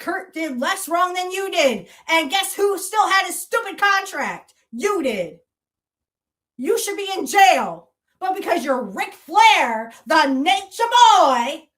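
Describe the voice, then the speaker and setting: A woman with a high voice, hosting a podcast and ranting at length. She is heated and accusatory, swears freely and keeps hammering the same rhetorical challenges. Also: bright, forceful tone. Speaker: podcast host. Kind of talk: angry monologue rant.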